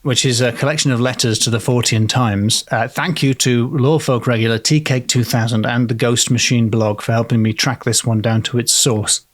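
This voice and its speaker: A man's voice: medium pitch, steady tone, moderate pace, hardly any pauses. A British man hosting a podcast, telling a spooky story in a playful, digressive way and reading old letters aloud.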